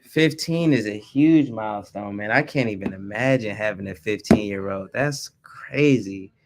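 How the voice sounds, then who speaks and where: A man, hosting a casual livestream from home, laid-back and quick to laugh, calling his viewers y'all. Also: fairly low pitch, very noisy. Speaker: livestream host, father. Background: birthday music playing.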